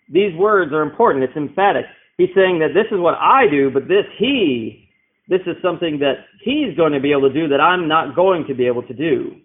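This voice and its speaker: A man's voice: fairly high pitch, fairly quick. A man preaching a Bible-teaching sermon, explaining verses and asking rhetorical questions. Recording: tinny phone-like sound.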